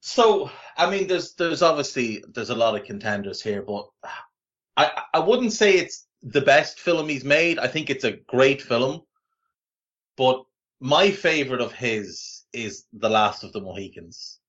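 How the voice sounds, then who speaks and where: A man's voice: mid-range voice, expressive, unhurried, fairly bright tone, highs cut off. Enthusiastic male podcast co-host. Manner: enthusiastic, repeats himself. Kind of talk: casual podcast chat.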